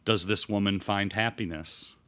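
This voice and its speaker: A man hosting a casual film podcast, recapping plots in a halting way with many fillers. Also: fairly low pitch, steady tone, fairly bright tone. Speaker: podcast host.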